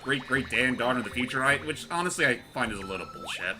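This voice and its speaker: A man chatting casually over gameplay as commentary host, rambling and animated, with casual swearing. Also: mid-range voice, brisk, hardly any pauses. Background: game music.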